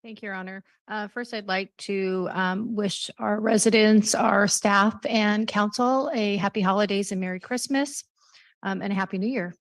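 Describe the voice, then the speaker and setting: A woman's voice: medium pitch, steady tone, moderate pace, no room sound. A woman council member giving polite, formal remarks at a meeting in a council chamber.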